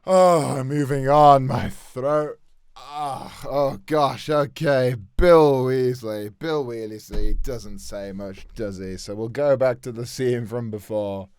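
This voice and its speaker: Yorkshire man, self-mocking, apologetic, strained voice, slow, dry close sound. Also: medium pitch, a little mellow, clear, resonant tone, no echo. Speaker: impressionist youtuber. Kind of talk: comedic chat between impressions.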